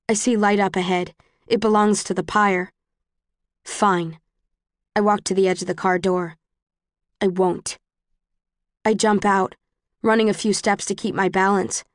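A woman reading a first-person audiobook in an even, plain storytelling voice. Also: mid-range voice, unhurried, long pauses, no echo, clean studio sound. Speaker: audiobook narrator.

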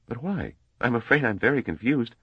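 An unsure young male mathematician, put on by a man reading a storybook, polite and hesitant, pitched clearly above the reader's own very deep voice. The reading is lively in its ups and downs, slightly husky, and recorded dry and dull. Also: a little fast, no echo. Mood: confused.

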